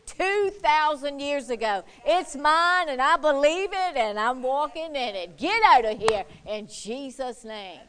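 Woman playing a defiant old preacher, loud triumphant shouting, high and forceful. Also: fairly even intonation, fairly quick, hardly any pauses, natural voice. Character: defiant older male preacher rebuking the devil.

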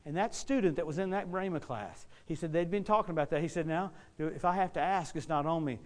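A middle-aged American man preaching and telling stories, swinging between loud outbursts and hushed asides. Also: a little high, brisk. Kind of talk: sermon storytelling.

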